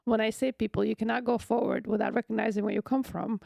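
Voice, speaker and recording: A woman's voice: fairly high pitch, fairly even intonation, quick pace, creaky, dark tone, no echo, studio quality. A woman co-hosting a casual podcast, open and emotional in her talk. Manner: emotional, laughing and tearful. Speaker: podcast co-host and author.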